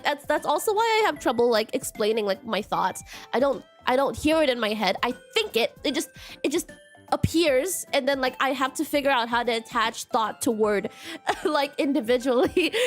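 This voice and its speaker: A woman streamer chatting casually with her viewers, rambling with many fillers and restarts and laughing often. English is not her first language. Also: high-pitched. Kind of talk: casual chat with live chat.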